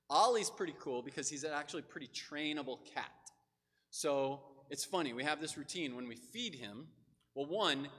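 Lively man preaching in a reverberant hall. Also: on the high side. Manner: lively, conversational with casual asides. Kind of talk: sermon.

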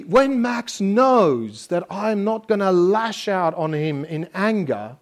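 A pastor with a high, darkish voice preaches a sermon conversationally, weaving in homely anecdotes from family life. He restarts often and keeps checking in with listeners by asking "okay?".

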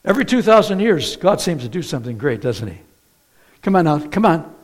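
Man preaching with a lively, rising voice. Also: fairly high pitch, a little fast. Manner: conversational, rhetorical questions to the congregation. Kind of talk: sermon.

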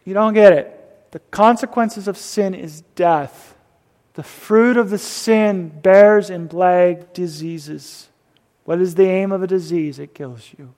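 A man preaching a sermon, swinging between loud emphasis and hushed whispers. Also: a little high. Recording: long reverb of a hall.

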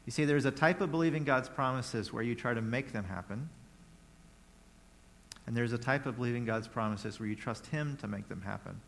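A male preacher retells a scripture story in an easygoing, conversational way. He slips in playful asides as he goes. His voice sits at a medium pitch. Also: brisk, gravelly, fairly bright tone. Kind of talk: sermon.

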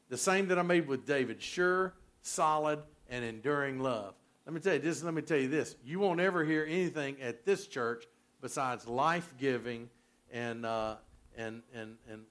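A man preaching a sermon as pastor, folksy, swinging from loud emphasis to soft near-whispers. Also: mid-range voice.

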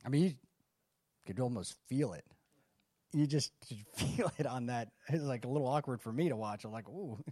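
A man's voice: mid-range voice, lively intonation, moderate pace, dark tone, no echo, clean studio sound. A man preaching a sermon in a conversational way, reading scripture and adding casual asides. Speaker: pastor.

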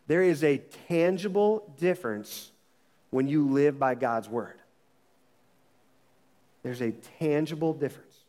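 A man's voice: a little high, measured pace, long pauses, mellow, in a large hall. A man preaching a sermon as pastor, emphatic and repeating his phrases with frequent restarts.

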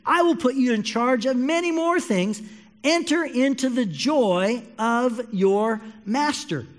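A man's voice: very high-pitched, lively intonation, takes it slowly, full character voice. A man voicing a joyful master who proclaims praise to his servants, heard in a reverberant hall.

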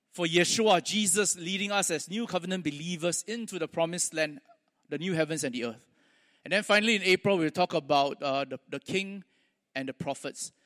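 A male pastor preaching a sermon, telling stories with pauses and restarts. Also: fairly high pitch, fairly bright tone, big-room sound.

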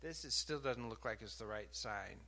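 Bright-toned animated preacher man. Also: fairly low pitch, gravelly. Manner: animated, rising to emphatic outbursts; pauses mid-talk to sort out slides. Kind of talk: sermon.

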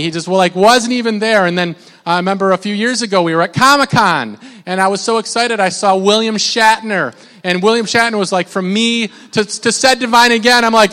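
Pastor, male, somewhat high voice, chatty sermon style, big reverberant hall. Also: a little fast. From Minnesota. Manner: conversational, repeats words, mimics shouting.

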